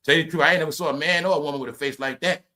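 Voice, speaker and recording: Loud mocking man ranting, bright voice. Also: on the high side, steady tone, racing. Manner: loud, mocking, laughs at his own jokes; repeats phrases for emphasis. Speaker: commentary channel host. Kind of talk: profane gossip commentary.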